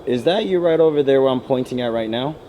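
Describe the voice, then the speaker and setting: A man investigating the paranormal who calls out to a spirit with gentle, coaxing questions inside an old inn at night. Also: mid-range voice, quick pace, a little hiss or hum, low-quality recording. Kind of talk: calling out to a spirit.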